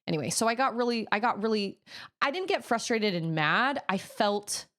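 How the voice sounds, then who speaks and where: A woman's voice: medium pitch, expressive, normal speed, a bit bright. Woman streamer, plain-spoken, talking through her frustrations to her chat. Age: adult. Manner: frank, venting about a hard week. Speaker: game streamer. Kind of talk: casual chat.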